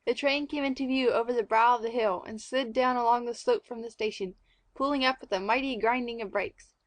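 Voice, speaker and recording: A woman narrating a classic story in a clear, measured audiobook reading. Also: on the high side, fairly even intonation, dry recording.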